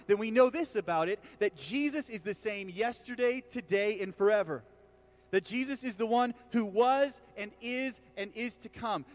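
A man preaching a conversational sermon in a church, casual and animated, often restarting his sentences and talking straight to the congregation. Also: high voice. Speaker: pastor.

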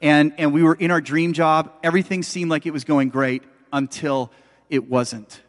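Middle-aged guy preaching, chatty and emphatic, kinda high voice, long echo like a big hall. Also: fairly even intonation, normal speed. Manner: conversational, emphatic, addresses audience directly. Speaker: pastor. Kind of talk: sermon.

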